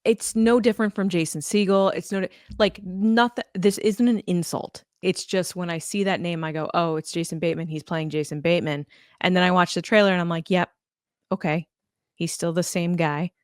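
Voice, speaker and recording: An American woman co-hosting a podcast, chatting in a lively, talkative way and laughing often. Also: fairly low pitch, moderate pace, no room sound, clean studio sound. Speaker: podcast co-host. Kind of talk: casual chat.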